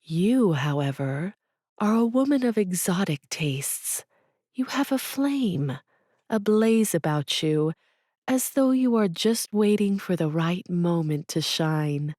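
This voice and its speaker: A woman's voice: fairly low pitch, animated, slow pace, darkish tone, no echo, clean studio sound. A woman voicing Agnes, a gracious, flamboyant older shop owner with a French accent, paying grand theatrical compliments.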